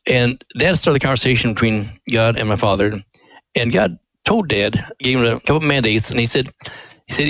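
A man's voice: mid-range voice, moderate pace, a bit bright, no echo, highs cut off. A man being interviewed as a ministry director on a radio show, telling a family story in a folksy, earnest way.

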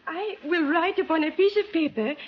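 An actress playing a distraught young woman held captive in a radio drama, with halting, formal, pleading speech. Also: very high-pitched. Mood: bargaining. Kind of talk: 1940s radio acting. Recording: dull old radio broadcast, faint hiss.

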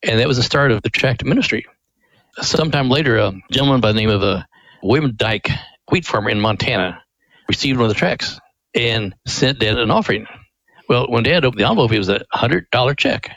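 A man, the director of a ministry, telling its founding story in a radio interview, earnest and lively with quoted voices. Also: medium pitch, a little fast, no room sound, low-quality recording.

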